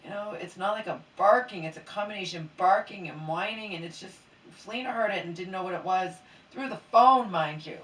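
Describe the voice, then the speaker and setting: A woman's voice: medium pitch, fairly quick, hardly any pauses, fairly bright tone. Woman vlogger, drowsy and a bit hungover, rambles and half-whispers; mic well off, room echo. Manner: rambling, often drops to a near whisper. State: sleepy and mildly hungover. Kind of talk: casual late-night venting chat. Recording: roomy echo, mic at a distance, faint background hiss.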